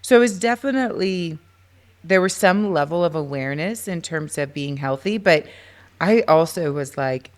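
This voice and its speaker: Low-voiced woman telling a story. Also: smooth. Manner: animated, acts out quoted dialogue. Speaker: podcast guest. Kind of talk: casual storytelling.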